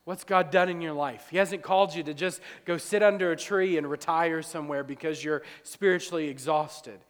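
A man preaching a sermon, acting out dialogue, swinging from loud to quiet. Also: on the high side, moderate pace. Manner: preaching, acts out dialogue, rises loud then drops quiet. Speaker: pastor. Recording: long hall reverb.

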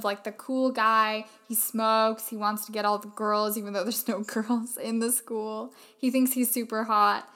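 A chatty woman talking through a film with a co-host, her voice sitting a little high. She explains things at length in a relaxed, conversational way. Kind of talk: casual conversation.

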